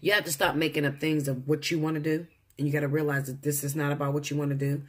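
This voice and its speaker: A man's voice: a little high, level tone, fast, a little hiss or hum. A man giving a casual tarot reading to his viewers, blunt and profane, lecturing them. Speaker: tarot reader.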